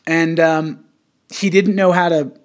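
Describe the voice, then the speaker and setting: A man's voice: fairly high pitch, steady tone, takes it slowly. A young man hosting a podcast in casual chat, rambling and profane, full of fillers and restarts. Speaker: podcast host.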